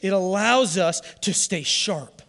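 Pastor, male, high voice, fervent sermon delivery that rises to loud calls to the congregation, church hall reverb. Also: slow pace, vocal fry.

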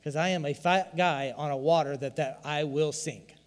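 A man's voice: on the high side, steady tone, normal speed. Preaching man in a reverberant hall. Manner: dynamic preaching, swings from loud emphasis to hushed asides. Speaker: pastor. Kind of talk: sermon.

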